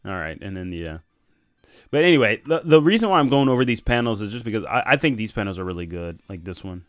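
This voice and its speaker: A man's voice: lowish voice, lively intonation, fast talker, no room sound, soft background music. A man casually chatting on a live stream while reading and analysing comics, laughing often.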